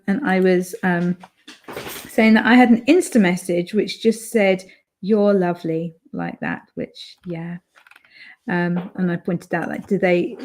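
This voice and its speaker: Her voice is mid-range with a somewhat dark tone. Hosting a live stream from her home in the UK, she reads out comments from her chat and keeps the talk casual, full of filler words.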